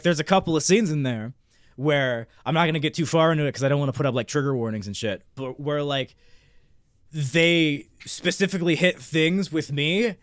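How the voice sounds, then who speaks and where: A man co-hosting a podcast, telling a long, excitable story in casual chat with constant swearing and restarts. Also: fairly high pitch, no room sound, studio quality. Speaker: podcast co-host.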